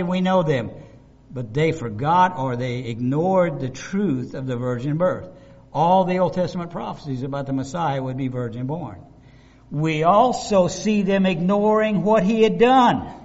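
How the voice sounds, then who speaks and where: A man preaching a sermon, animated and conversational, acting out the voices of the people he describes. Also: high voice, normal speed. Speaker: pastor. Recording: dull lo-fi recording.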